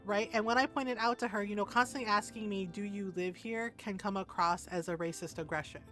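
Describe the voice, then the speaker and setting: A woman's voice: mid-range voice, fast, faint music behind. A woman streaming a game, chatting casually and telling stories with lots of laughter and swearing. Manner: animated storyteller, swears freely, laughs often.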